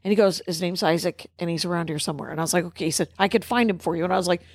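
A woman's voice: lowish voice, fairly even intonation, very fast, no room sound. A woman co-hosting a podcast, telling a rambling backstage story and acting out what people said in casual chat. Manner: rambling anecdotal delivery, acts out quoted dialogue. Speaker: podcast co-host.

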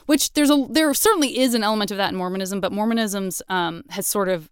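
A woman hosts a casual interview podcast, thinking aloud and laughing often. Her voice is smooth and clear. The sound is dry, with no room echo. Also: mid-range voice, fast. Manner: slips into playful voices for imagined speech. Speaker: podcast host.

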